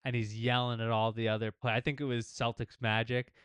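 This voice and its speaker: Podcast co-host dude talking sports, smooth clean voice, dry close mic, chill and chatty. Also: male voice, mid-range voice, level tone, brisk, fairly bright tone, no room sound. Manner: laid-back, fillers and frequent "yeah" agreement. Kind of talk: casual sports chat.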